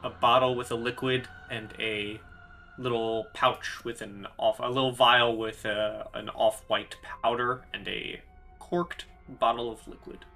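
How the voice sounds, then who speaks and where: A man narrating as game master, hesitant and filling pauses with ums. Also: medium pitch, flat delivery, vocal fry, pushed and bright, faint music behind.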